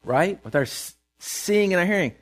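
A man preaching at a church pulpit, his voice sitting high and swinging widely in pitch. He talks in plain, homespun phrases and jumps into the voices of the people in his stories. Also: moderate pace. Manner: animated, acts out voices of people he quotes. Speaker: pastor. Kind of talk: sermon.

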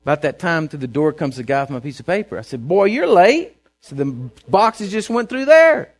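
A man from Texas with a Texan accent, telling a folksy, animated sermon story and often repeating himself as he goes. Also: fairly high pitch, a little fast.

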